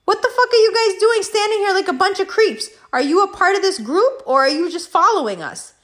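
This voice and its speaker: A woman's voice: extremely high pitch, lively intonation, a little fast, fairly bright tone, pitched above the performer's own voice. A woman voicing a blunt, demanding young woman friend who calls someone out. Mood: confrontational. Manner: brash, demanding.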